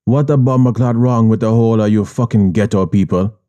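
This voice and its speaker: A man's voice: lowish voice, brisk, dark tone, natural voice. A man voicing an arrogant Jamaican Syrian boss who berates and sneers with constant swearing, in an audiobook. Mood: scornful. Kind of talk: audiobook character voice.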